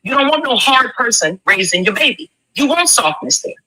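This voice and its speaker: Fast, forceful woman in her forties. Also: sits high, lively intonation, no echo, rough recording. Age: 40s. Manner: emphatic, preachy, rhetorical questions. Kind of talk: impassioned commentary.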